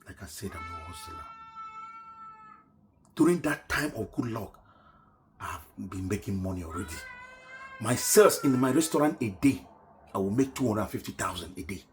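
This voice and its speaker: A middle-aged man telling his own story in an earnest, emotional way, often dropping to a hushed voice. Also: lowish voice, animated, moderate pace, long pauses, slight background noise. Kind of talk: personal story told to camera.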